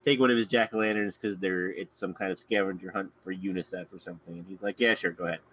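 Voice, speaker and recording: A man's voice: low voice, steady tone, fast, fairly bright tone, low-quality recording. A man guest on a casual podcast, retelling a film plot and chuckling often as he goes. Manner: chuckles often while recounting scenes.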